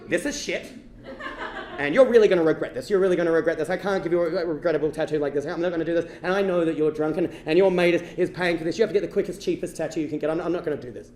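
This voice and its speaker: A man acting out a blunt, grumpy male tattoo artist who refuses a request in a flat, dismissive, firm way. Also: on the high side, racing, echoey room, voice pushed down, natural voice.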